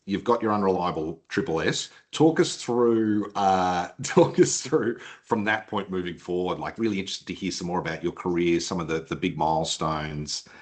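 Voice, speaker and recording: A man co-hosting a podcast, asking questions in a friendly, teasing, halting way. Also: low-pitched. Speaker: podcast co-host. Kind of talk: casual interview chat.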